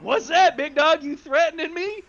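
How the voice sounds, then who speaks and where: A hot-tempered nobleman who snaps back in tough street slang, as a man puts him on. The voice rides high and loud with lively swings, bright and edged. The recording sounds a little muffled. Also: normal speed, exaggerated voice. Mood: confrontational.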